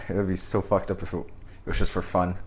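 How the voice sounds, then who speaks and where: Man rambling in a low voice. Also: little pitch movement, a little mellow. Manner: rambling, halting, with many fillers and restarts. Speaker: podcast co-host. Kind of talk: casual chat.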